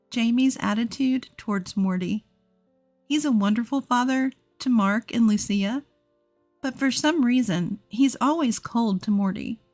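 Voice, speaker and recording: A woman reads a first-person family story in an earnest, steady voice with a fairly high pitch. Faint background music runs under her narration.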